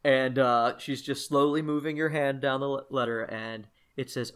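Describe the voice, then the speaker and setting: A man narrating a tabletop game as game master, casual and quick to laugh. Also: medium pitch, steady tone, fairly bright tone, clear, resonant tone.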